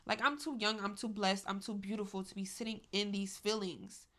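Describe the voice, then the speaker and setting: A woman's voice: medium pitch, fairly even intonation, fairly quick, bright, forceful tone. A young adult woman talking candidly to her viewers in a casual vlog, emphatic and chatty, saying "y'all" and "like" often. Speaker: vlogger.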